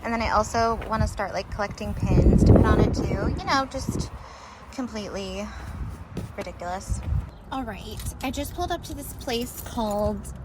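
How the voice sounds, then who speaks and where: A woman's voice: medium pitch, normal speed. A young woman from Maine, vlogging casually about her vintage shopping and retelling events in a flustered, chatty way. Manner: chatty, flustered, retelling with quoted back-and-forth. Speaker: vintage shop owner vlogging. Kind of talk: casual vlog storytelling. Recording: loud background noise.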